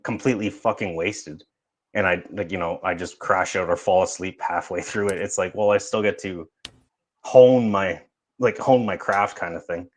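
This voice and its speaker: A Canadian man hosting a casual stream chat, laughing often and swearing freely. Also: lowish voice. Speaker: streamer host.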